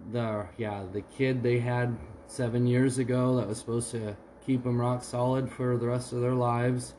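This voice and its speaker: A man's voice: mid-range voice, level tone, moderate pace, warm tone, a little hiss or hum, poor audio. Joking man, podcast co-host. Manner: joking, improvises mock stories. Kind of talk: casual chat.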